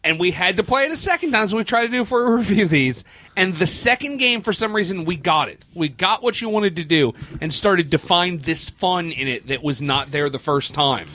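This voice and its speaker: A man's voice: high voice, expressive, a little fast, pushed and bright, a little hiss or hum. A man hosting a casual podcast chat, upbeat and joking. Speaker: podcast host.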